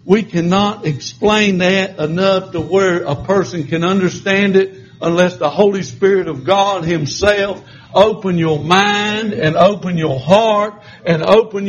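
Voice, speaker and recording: A man preaching a sermon and telling his own testimony, in an emotional, repetitive cadence with stammered restarts. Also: sits high. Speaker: pastor. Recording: slightly muffled recording with faint background noise.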